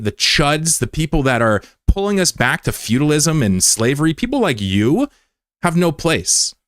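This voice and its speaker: A man's voice: on the high side, a bit bright, dry recording, clean studio sound. A man from the United States, a livestreamer in casual chat, taunting and combative with a viewer and swearing freely.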